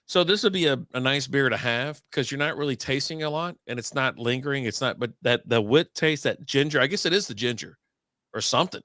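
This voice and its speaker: A man's voice: mid-range voice, fairly quick, pushed and bright, no room sound. A man co-hosting a casual beer stream, telling rambling stories, swearing and laughing as he goes. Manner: rambling storyteller, swears freely, laughs at his own stories. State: recovering from illness. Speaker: co-host of a beer and sports stream. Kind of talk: casual chat.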